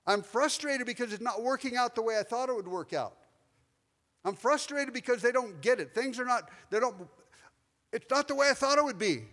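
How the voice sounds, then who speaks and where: A man's voice: extremely high pitch, expressive, moderate pace, a bit bright. A man preaching as a pastor, telling a personal story and speaking straight to members of the congregation. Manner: personal, confessional storytelling with asides to listeners. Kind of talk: sermon. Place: church sanctuary. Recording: long hall reverb in a church.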